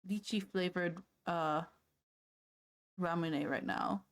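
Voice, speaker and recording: A playful woman streamer talks casually to her live chat from a room at home, in a voice of middling pitch. She laughs easily and drifts from topic to topic. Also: a little slow. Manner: playful, chatty, easily sidetracked, often laughing. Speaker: livestreamer.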